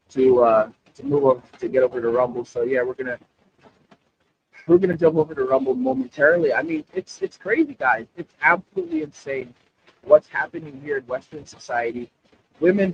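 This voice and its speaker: A high, gravelly, husky man hosts a livestream and talks straight to his chat. His pitch swings widely, and he keeps repeating himself as he rambles. The stream audio sounds dull and lo-fi. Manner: animated, repetitive, addresses chat directly. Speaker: livestream host. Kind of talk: casual livestream commentary.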